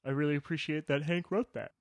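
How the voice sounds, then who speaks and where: A man's voice: on the high side, fairly even intonation, quick pace, no echo, pitched above the performer's own voice, lightly acted. A man voicing God as a casual, agreeable dude in breezy slang. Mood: easygoing. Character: laid-back easygoing God, male, casual dude.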